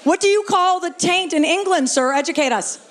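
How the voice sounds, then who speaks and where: A woman's voice: extremely high pitch, brisk. A woman doing a stand-up comedy set in a live venue, brash and playful, swearing freely and bantering with the audience on a stage mic. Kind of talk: stand-up set, crowd work.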